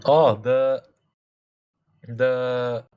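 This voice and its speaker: A man co-hosting a live reaction to an animated series, casually explaining jokes and cultural references. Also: medium pitch, extremely slow, smooth, muffled recording. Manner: explains things to his co-host.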